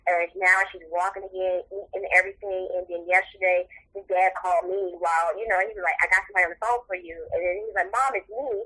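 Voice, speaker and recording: A woman's voice: lowish voice, fairly even intonation, fast talker, hardly any pauses, sharp tone, breathy edge, low-quality recording. A middle-aged mother in an interview, talking earnestly and tearfully, mixing encouragement with faith. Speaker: interview guest, mother of the subject. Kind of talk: emotional interview talk.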